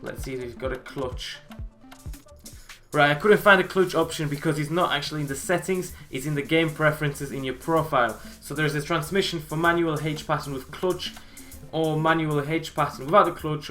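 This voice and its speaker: A man's voice: fairly high pitch, moderate pace, fairly bright tone, faint music behind. A man hosting a gaming channel, chatting casually and thinking aloud while he plays. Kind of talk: casual gameplay commentary.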